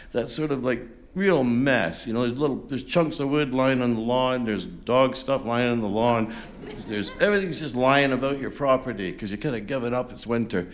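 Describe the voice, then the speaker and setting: Chatty man telling stories on stage. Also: mid-range voice. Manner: rambling, self-deprecating storyteller with many fillers. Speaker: folk singer-songwriter. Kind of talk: stage banter at a concert. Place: live concert stage. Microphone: stage microphone. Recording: live concert with faint music behind.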